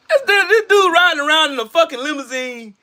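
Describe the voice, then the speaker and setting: A man's voice: extremely high pitch, expressive, moderate pace, pushed and bright. A man angrily ranting on a live political stream. He talks profanely and mockingly, and often repeats himself and restarts his sentences.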